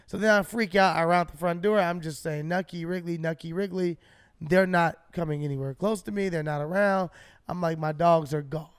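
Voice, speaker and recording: A man co-hosting a podcast, telling a story in an animated, casual way and swearing freely. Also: high-pitched, clean tone, no echo, studio quality. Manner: animated, swearing, acts out his own shouts. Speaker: podcast co-host.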